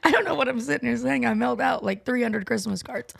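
A woman co-host chats in a bubbly, rambling way. Her voice sits a little high and carries a gravelly, fry-laced texture. She laughs at herself as she goes. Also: fast, a bit bright. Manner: bubbly, rambling, self-deprecating. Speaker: podcast co-host. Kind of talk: casual chat with a co-host.

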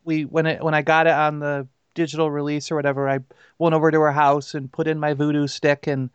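A man's voice: fairly high pitch, flat delivery, fairly quick, smooth, no room sound, highs cut off. A man hosting a casual podcast, telling a story and laughing easily.

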